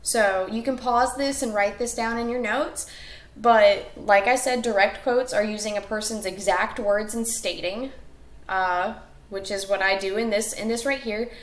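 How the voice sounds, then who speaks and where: A woman's voice: mid-range voice, fairly even intonation, unhurried, echoey room. A woman teacher talking through a recorded class lesson step by step, with fillers and self-corrections.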